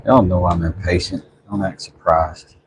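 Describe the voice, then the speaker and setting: A man's voice: low-pitched, fairly even intonation, moderate pace, background noise. A man hosting a laid-back livestream, chatting and greeting viewers. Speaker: livestream host. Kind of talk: casual livestream chat.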